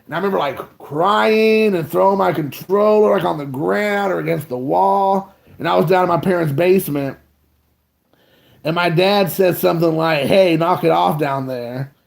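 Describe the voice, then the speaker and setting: A man's voice: high voice, normal speed, creaky. A man in his thirties, co-hosting a podcast, telling a rambling, self-mocking childhood story in casual chat.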